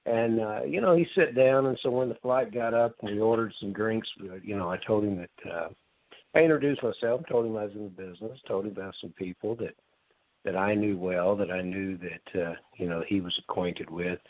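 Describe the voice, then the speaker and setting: A man's voice: fairly low pitch, dry recording. Male podcast co-host, easygoing reminiscing, dry close sound, tinny phone line. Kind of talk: casual chat over a call.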